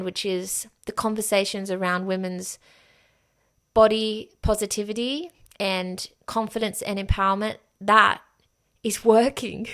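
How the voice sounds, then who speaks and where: On her solo podcast, a female host talks frankly and with emphasis, swearing without restraint. Her voice sits in the mid range and is a bit bright.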